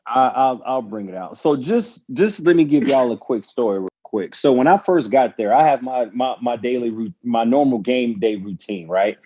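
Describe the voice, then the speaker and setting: A former pro football player telling a story in casual chat, animated and laughing as he acts out the people in it. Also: mid-range voice, normal speed, hardly any pauses. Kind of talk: casual storytelling on a panel show.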